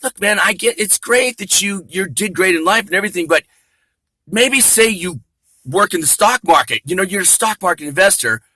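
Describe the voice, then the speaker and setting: A man doing a skeptic who needles and nitpicks with sarcasm. The voice is on the high side for a man and sounds bright and sharp. It is close and dry. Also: lively intonation, moderate pace, no echo, full character voice. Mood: needling. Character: needling, skeptical male questioner.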